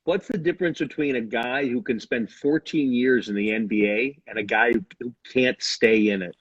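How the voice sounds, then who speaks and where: A man's voice: mid-range voice, moderate pace, husky, no room sound. A man hosting an interview, restarting and repeating words as he asks his questions. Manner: stumbling, repeats words when asking questions. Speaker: host. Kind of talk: casual interview. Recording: dull dry lo-fi sound.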